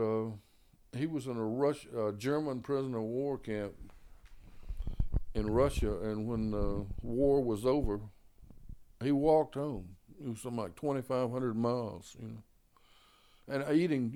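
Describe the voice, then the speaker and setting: Older man rambling through jazz stories. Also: warm tone. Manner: rambling, full of "you know" and "man", restarts; acts out others' quoted lines with raised pitch. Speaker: jazz musician telling stories. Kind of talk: casual storytelling.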